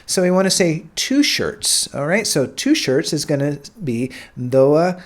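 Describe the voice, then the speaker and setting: An American man teaching a casual language lesson in a relaxed way, filling pauses with "uh" and "all right" and repeating words slowly. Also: fairly high pitch. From United States.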